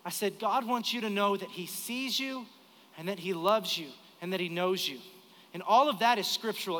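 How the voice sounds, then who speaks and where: A man in his thirties delivers an earnest, emotional sermon story at a live church service. His voice sits high and sounds bright and forceful. A long reverb from the sanctuary trails behind his words. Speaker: preacher.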